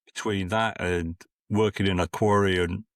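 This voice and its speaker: In a low-sitting voice with fairly even intonation, a Scottish man in his sixties tells loose, casual stories as a podcast guest. He keeps restarting and acts out quotes, speaking at a moderate pace on a dry recording.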